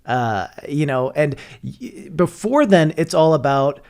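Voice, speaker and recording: A man's voice: on the high side, big pitch swings, slow pace, creaky, darkish tone. A man talking casually on a podcast, analytical and rambling with lots of filler words. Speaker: podcast co-host.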